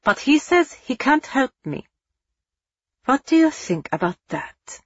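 A woman voicing a cold, menacing male German army captain who questions his prisoners with calm cruelty. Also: high-pitched, slow pace, slightly rough, no echo, muffled recording, voice pushed up, exaggerated voice. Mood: coaxing.

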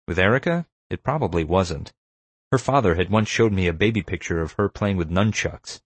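A man with a deep, low voice reads an audiobook in a wry, measured way. The recording is close and dry, with no room sound. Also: dry recording. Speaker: narrator. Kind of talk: audiobook narration.

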